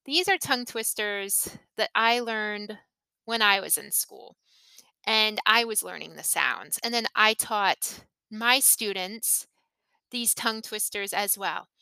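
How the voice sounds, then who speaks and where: Slow, crisp woman teaching pronunciation. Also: medium pitch, sharp tone, no room sound. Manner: careful, deliberate modeling of intonation. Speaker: English teacher and podcast host. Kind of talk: slow, clear pronunciation lesson.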